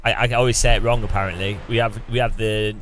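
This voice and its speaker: A man's voice: fairly low pitch, steady tone, fast, fairly bright tone, faint music behind. An English man streaming a racing game, chatting casually in a joking, sarcastic way and laughing often. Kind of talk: casual chat while sim racing.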